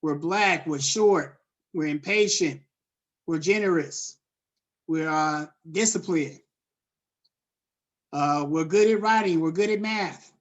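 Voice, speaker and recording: A man's voice: fairly high pitch, slow pace, pauses often. Male lecturer, online class, casual and chatty, calls on students by name. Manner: casual, loose and conversational, checks in with students by name, many fillers. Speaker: college lecturer.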